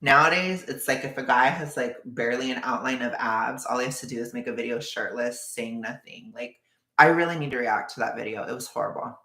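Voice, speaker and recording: A livestreamer in casual chat with viewers, knitting a scarf while rambling, full of "like" and quick bursts of laughter. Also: medium pitch, bright, forceful tone, roomy sound. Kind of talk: casual live-stream chat.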